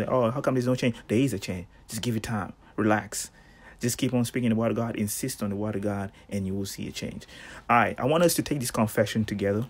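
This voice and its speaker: Casting: man, husky voice, relaxed devotional preacher, lively storyteller. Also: mid-range voice. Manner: animated storytelling, slangy asides, laughs. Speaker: devotional host. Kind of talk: casual devotional sermon.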